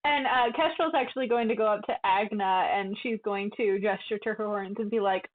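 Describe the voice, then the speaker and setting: A woman's voice: medium pitch, brisk, few pauses. A woman playing a tabletop game who describes her character's actions in an easygoing, chatty way, over a tinny call line. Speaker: player. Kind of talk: casual tabletop game narration. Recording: tinny phone-like call audio.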